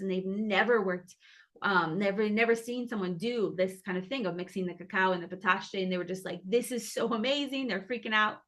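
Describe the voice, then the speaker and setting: A woman who founded a cacao brand, casually and earnestly sharing a spiritual story with her online community from a hotel room, full of "like"s and restarts. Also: mid-range voice. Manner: earnest, emotional, many "like"s and restarts.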